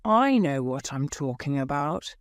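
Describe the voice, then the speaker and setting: A woman voicing an excited, bold young boy in a storybook reading. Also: deep voice, unhurried, dry recording, clean studio sound.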